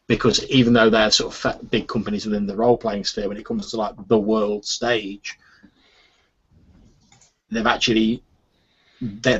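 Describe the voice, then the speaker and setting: Low husky man, rambling chat. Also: fairly bright tone. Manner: rambling, lots of fillers and "sort of". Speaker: podcast host. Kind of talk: casual chat. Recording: dull lo-fi podcast audio.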